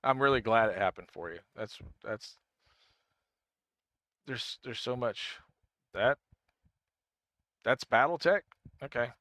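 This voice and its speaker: A man's voice: mid-range voice, animated, slow pace, pauses often, sharp tone, no room sound. Rambling male game streamer, dry sound. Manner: rambling, thinks aloud, answers chat; frequent self-restarts. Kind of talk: casual live-stream chat.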